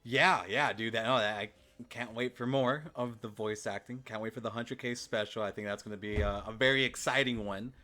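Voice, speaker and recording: A man's voice: fairly low pitch, steady tone, a little fast, few pauses, bright, forceful tone. A man hosting a podcast, chatting in an easygoing way and dropping lots of fillers. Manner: easygoing, many fillers like "like" and "dude". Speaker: podcast host. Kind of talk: casual chat.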